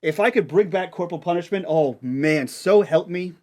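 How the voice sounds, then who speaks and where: A man voicing a grouchy vice principal who yells at kids in detention. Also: high-pitched, normal speed, natural voice. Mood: irritated. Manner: stern, threatening.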